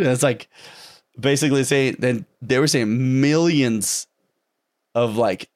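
Man, gaming co-host, casual chat, excitable and rambling, mid-range pitch. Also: a little slow. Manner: excitable and rambling, laughs often. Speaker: co-host of a gaming stream show.

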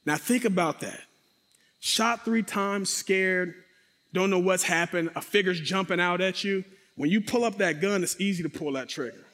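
A man's voice: sits high, moderate pace. A man telling a dramatic personal testimony, speaking directly to his audience and acting out sound effects. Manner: animated, acts out sound effects and quotes. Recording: long reverberant hall.

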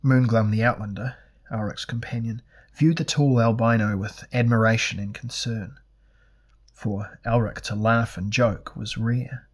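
A man narrating a fantasy audiobook in a measured, deliberate reading. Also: medium pitch, fairly even intonation, breathy edge.

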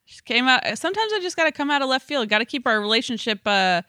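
A woman's voice: sits high, sing-song, quick pace, sharp tone, clean tone, dry recording, clean studio sound. A woman co-hosting a casual chat, wry and teasing, casting herself as the more conservative friend. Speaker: podcast co-host.

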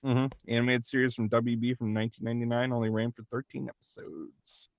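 A young man speaks as a guest on a casual podcast, deliberate and detail-minded with a dry edge. His voice is an ordinary pitch for a man, and the recording is close and dry with no room sound. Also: little pitch movement, vocal fry, no room sound. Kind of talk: casual chat.

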